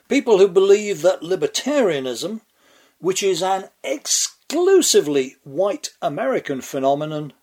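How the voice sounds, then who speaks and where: A man's voice: a little high, a little mellow. An older man with an English accent delivering a sardonic, mocking scripted commentary monologue. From England. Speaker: political commentator.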